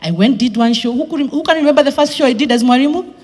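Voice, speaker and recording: A Kenyan woman, speaking English with a Kenyan accent, tells her career story to a live audience. She is animated, slips into Swahili and acts out what others said. Her voice rings through a reverberant event hall over faint background music. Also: high voice, quick pace.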